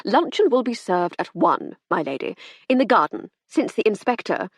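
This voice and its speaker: A woman's voice: medium pitch, very animated, normal speed, husky, no echo, studio quality. A woman reading an audiobook, voicing a snobbish, old-fashioned male butler who speaks formally and without emotion. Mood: stiff.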